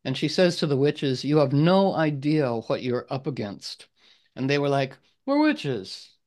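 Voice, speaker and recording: A man hosts a loose group chat over a video call. He wanders through his thoughts, restarting sentences and clearing his throat often. His pitch sits in a middle range. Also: normal speed, darkish tone. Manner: rambling, repetitive restarts, frequent throat clearing. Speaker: group leader.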